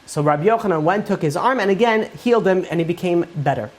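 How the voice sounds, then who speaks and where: A man's voice: sits high, fast talker. A man, a rabbi, giving an informal Torah class, retelling Talmud stories in a conversational way with many fillers.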